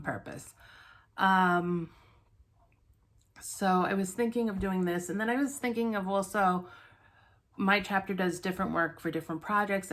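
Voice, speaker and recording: A woman hosting a stitching vlog, chatting casually to viewers, out of breath, rambling with many ums and restarts. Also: fairly low pitch.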